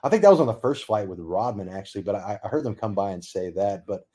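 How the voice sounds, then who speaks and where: A man's voice: lowish voice, animated, quick pace, mellow. A man co-hosting a casual podcast, talking loosely and rambling with lots of filler words. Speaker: podcast co-host. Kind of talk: casual chat.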